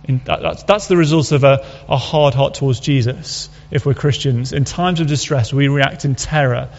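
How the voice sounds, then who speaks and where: A man's voice: mid-range voice, moderate pace, a little mellow. A man preaching a sermon, earnest and conversational, asking his listeners rhetorical questions. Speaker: pastor. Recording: dull audio with long hall reverb.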